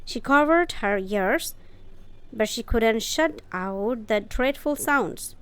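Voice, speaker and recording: Slow, clear woman reading a story. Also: a little high, animated, a bit bright. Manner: careful, deliberate reading with brief explanations. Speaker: storyteller and English teacher. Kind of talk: reading a story aloud for English learners.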